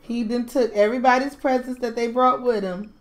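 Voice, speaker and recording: A woman's voice: fairly high pitch, fairly even intonation, brisk. A woman giving casual gameplay commentary, doting and gushing over her toddlers. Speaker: game streamer.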